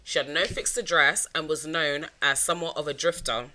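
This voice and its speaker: A chatty woman co-hosting a podcast, her voice low-pitched and bright. She fills her talk with "like" and "um" and laughs easily. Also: normal speed. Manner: chatty, laughs often, lots of "like" and "um". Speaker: podcast co-host. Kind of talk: casual true-crime podcast chat.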